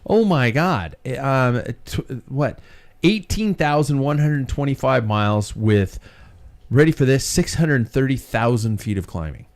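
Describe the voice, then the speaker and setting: A man's voice: mid-range voice, unhurried. A man co-hosting a live cycling podcast in a bar, chatting casually, swearing freely and poking fun at himself. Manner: lively, swears freely, self-mocking. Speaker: podcast co-host. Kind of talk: casual chat.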